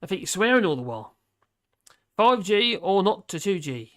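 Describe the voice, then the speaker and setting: A man hosts a casual live stream, reading news and viewer comments aloud with wry, chatty humor and frequent laughter. His voice sits high and is very animated, with a fairly bright tone and a moderate pace.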